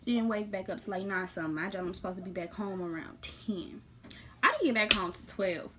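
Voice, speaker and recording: A woman telling a personal story to her viewers in a casual vlog, blunt and animated, jumping between loud bursts and quiet, hushed asides. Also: mid-range voice, brisk, slight background noise.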